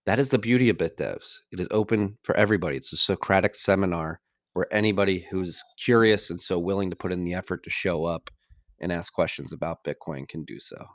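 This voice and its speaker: A man's voice: deep voice, a little fast, no room sound, studio quality. A man co-hosting a podcast in casual, joking banter, reading promo codes and teasing his co-host. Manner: laid-back, joking, reads ad codes.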